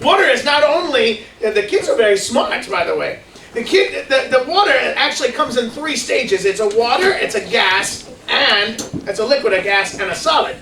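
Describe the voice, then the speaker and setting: A man with a high, bright voice plays a worn-out character in a kids' skit and turns it into a lively science lesson, asking the audience questions along the way. He sounds far from the microphone in an echoey room. A faint hiss sits under the recording. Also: moderate pace, creaky. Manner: playful, asks the kids questions. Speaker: children's ministry presenter. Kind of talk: comedic science skit for kids.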